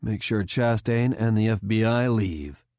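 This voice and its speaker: A man voicing a furious retired general who speaks in a low, cold, threatening way. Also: unhurried, a little mellow, no room sound, clean studio sound. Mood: matter-of-fact.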